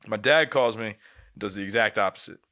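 This podcast co-host is a young man whose voice sits fairly low and moves fairly fast. Telling a story in a relaxed way, he swears constantly and brings the quotes to life as an animated narrator.

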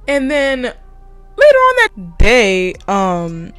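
A woman's voice: fairly high pitch, huge pitch swings, drawn-out words, fairly bright tone, soft background music. A young adult woman hosting a podcast, telling a work story in a casual, heated rant full of swearing. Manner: profane, heated and blunt, with laughs. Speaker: podcast host.

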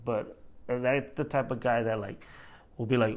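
A man's voice: medium pitch, fairly even intonation, measured pace. A man who works as a store manager, venting in a casual monologue, rambling, swearing often and laughing at himself.

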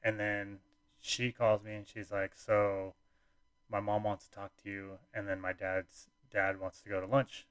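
Low-voiced rambling young man, dry sound. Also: level tone, measured pace, a bit bright, smooth, no room sound. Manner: rambling, frequent fillers and restarts, nonchalant. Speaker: storyteller. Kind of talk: casual personal storytelling.

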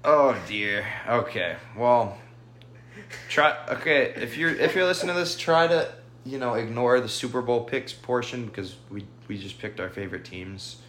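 A man's voice: medium pitch, normal speed, a bit bright, reverberant, a little hiss or hum. A young man co-hosting a casual sports podcast, wry and teasing in his delivery. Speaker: podcast co-host.

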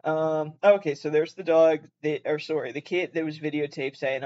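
Young man, Canadian accent, podcast host, casual rambling chat, frequent swearing, self-corrections, slightly high voice. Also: fairly even intonation, moderate pace, hardly any pauses, a little mellow, muffled recording. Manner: rambling, swears a lot, corrects himself often.

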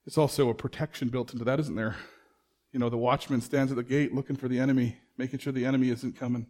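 A man's voice: medium pitch, fairly even intonation, fast, darkish tone. A man preaching a sermon in a conversational way, asking the congregation rhetorical questions and acting out bits of dialogue. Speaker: pastor.

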